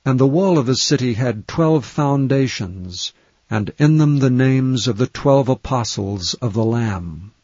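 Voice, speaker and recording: Slow, deliberate male scripture reader. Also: mid-range voice, lively intonation, darkish tone, dry recording. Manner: measured, deliberate phrasing. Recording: dull, slightly lo-fi sound.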